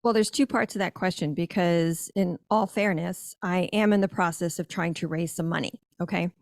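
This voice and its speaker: A woman's voice: fairly low pitch, steady tone, moderate pace, dry recording, studio quality. A woman on a podcast telling her business story in an emphatic, conversational way, with frequent self-corrections. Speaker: guest, granola business owner.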